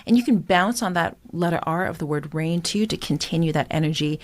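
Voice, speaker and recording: A woman's voice: deep voice, brisk. A woman singing coach explaining vocal technique with enthusiasm and breaking into sung examples. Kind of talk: vocal lesson with sung demonstrations.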